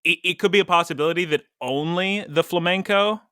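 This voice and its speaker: A man's voice: sits high, a little fast, sharp tone, smooth, no room sound, clean studio sound. A man co-hosting a podcast, chatting casually and rambling, laughing now and then. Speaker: podcast co-host.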